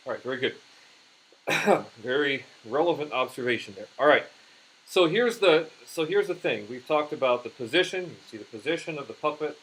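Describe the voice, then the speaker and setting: A man teaching puppetry in an instructional demonstration, talking haltingly with frequent restarts. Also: mid-range voice, animated, fairly bright tone, husky, poor audio.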